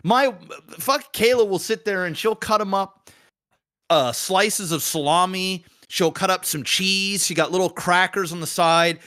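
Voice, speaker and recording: A man hosting a podcast, chatting casually and telling a story in a lively, profane way about his son. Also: sits high, moderate pace. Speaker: podcast host; father.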